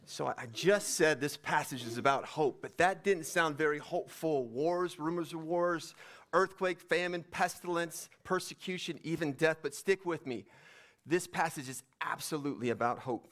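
A pastor whose voice is on the high side and fairly bright preaches at a moderate pace. He reads scripture aloud, then explains it conversationally.

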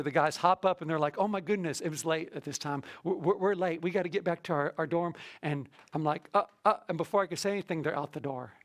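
A middle-aged male preacher with a slightly high, gravelly voice. He delivers a sermon as a story, acting out each person's lines as he retells them. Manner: storytelling, animated retelling with quoted dialogue. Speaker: missionary preacher.

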